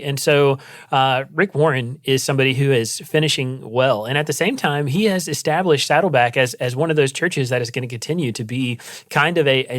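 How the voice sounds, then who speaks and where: A man's voice: medium pitch, fairly bright tone, dry recording, studio quality. A man co-hosting a podcast, speaking earnestly and emphatically in casual chat. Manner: earnest, emphatic, with many fillers. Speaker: podcast co-host.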